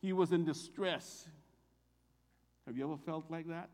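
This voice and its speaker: A man's voice: on the high side, measured pace, vocal fry, darkish tone. Emphatic male preacher in a reverberant hall. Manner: preaching with emphatic rises on scripture quotes. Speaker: pastor. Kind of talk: sermon.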